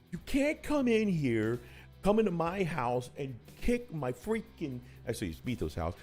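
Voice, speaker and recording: Sarcastic male co-host, hugely expressive pitch, faint background music. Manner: sarcastic, exaggerated retelling with big swings in pitch. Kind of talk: casual chat about tabletop gaming.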